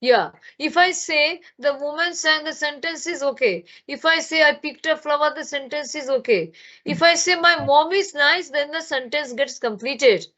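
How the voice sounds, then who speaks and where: Speaking at a moderate pace in a high, sharp-toned voice, a Bengali woman from India teaches grammar online as a spoken English teacher. Her explanations are full of fillers and restarts, captured on a laptop mic with the highs cut off.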